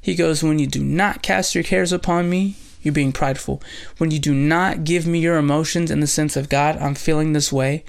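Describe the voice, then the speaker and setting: Gravelly man preaching. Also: fairly high pitch, fairly even intonation, normal speed. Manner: earnest, talks through scripture aloud. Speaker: pastor and host. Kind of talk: bible study sermon.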